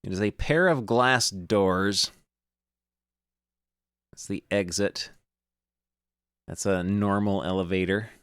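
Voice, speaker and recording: A man's voice: lowish voice, slow, long pauses, a bit bright, clean tone, dry recording, clean studio sound. A man streaming a video game, reading the on-screen text aloud with jokey, sarcastic asides.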